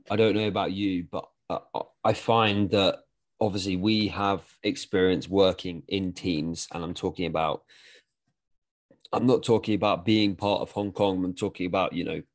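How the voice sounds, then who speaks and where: Low-voiced man, frank and rambling. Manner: rambling, frank, swears casually. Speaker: podcast co-host and weightlifting coach. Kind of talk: casual podcast chat.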